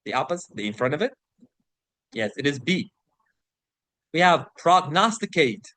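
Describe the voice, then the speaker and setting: A man leads a vocabulary lesson in a slightly higher-than-average voice. He explains each word, reads example sentences and passages at a careful pace, and keeps asking "right?" to check on his listeners. The sound is dry and close. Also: very animated, pushed and bright, no room sound. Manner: slows to read example sentences and passages aloud. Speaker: vocabulary teacher. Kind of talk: online English vocabulary lesson.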